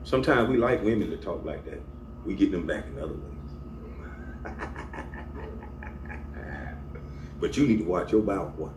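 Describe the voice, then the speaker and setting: A YouTuber whose voice sits low speaks at a normal speed with lively intonation, scolding viewers in a confrontational to-camera rant and pressing his points emphatically. Faint hum and room echo are audible.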